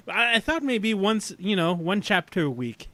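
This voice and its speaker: Lively, slow-talking man co-hosting. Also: high-pitched, no echo, clean studio sound. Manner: animated, laughs often, thinks aloud. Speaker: podcast co-host. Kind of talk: casual chat.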